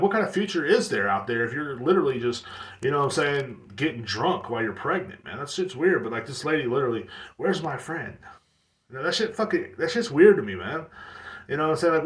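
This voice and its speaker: A man's voice: on the high side, fairly bright tone. Swearing, rambling man in a roomy echo. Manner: profane, rambling, heavy fillers. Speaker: podcast host streaming to chat. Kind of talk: casual ranting monologue.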